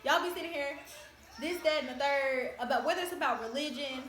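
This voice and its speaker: A woman's voice: sits high, a little fast, a bit bright, soft background music. A woman hosting a casual discussion, talking emphatically in a lecturing way and laughing often. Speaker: host. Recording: echoey room.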